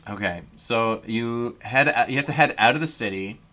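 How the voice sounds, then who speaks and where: A man's voice: mid-range voice, moderate pace, bright, forceful tone. A man from Canada running a tabletop game as game master, rambling with lots of ums. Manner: rambling, many ums, laughs at own jokes.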